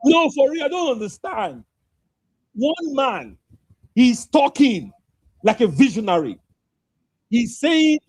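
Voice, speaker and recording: A Nigerian man mocks and swears through heated political talk. His high, husky voice swoops wildly up and down, and the sound is close and dry. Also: sing-song, a little slow, pauses often, a little mellow, no echo, low-quality recording. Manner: mocking and profane, with a sarcastic laugh. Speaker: speaker in an online audio room.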